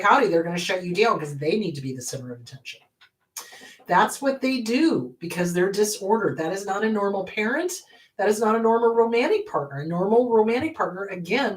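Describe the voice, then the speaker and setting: A woman therapist hosting her show, answering a viewer's question in an emphatic way and acting out what parents say. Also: medium pitch. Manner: animated and emphatic, acts out quoted parents.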